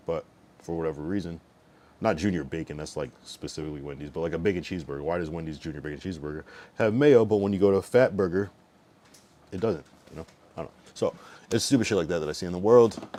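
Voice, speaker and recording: A man's voice: low-pitched, a little mellow. A young man hosting a livestream, chatting loosely, swearing freely and trailing off into mumbles. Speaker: livestream host. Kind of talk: casual rambling chat.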